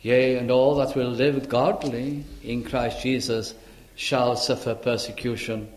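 A man preaching a sermon, earnest and reflective, dropping to hushed tones to press a point. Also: medium pitch, fairly even intonation, a little slow. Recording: echoey room.

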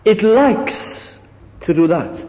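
A high-pitched, very lively male preacher delivering a sermon, his voice swooping up and down as he drives points home. The recording is dull and lo-fi, with a long reverb hanging in a large hall. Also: a little slow. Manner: animated, drops to mimicking soft humble voices. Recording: echoey hall, dull lo-fi sound.

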